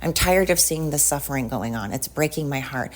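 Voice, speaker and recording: A woman's voice: deep voice, lively intonation, a little fast. A woman hosting a podcast, talking in a heated, blunt rant and swearing often. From United States. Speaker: podcast host. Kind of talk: casual ranting monologue.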